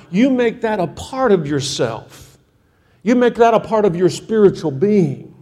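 Male preacher, high mellow voice, insistent repetition, sermon with long hall echo. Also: very animated, measured pace. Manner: emphatic, repetitive exhortation.

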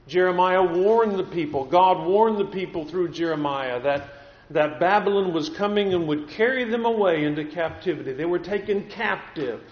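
Casting: earnest preacher, man, slightly high voice, roomy church sound on a dull lo-fi recording. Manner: earnest, repeats words as he builds points. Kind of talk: sermon. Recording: echoey room, dull lo-fi sound.

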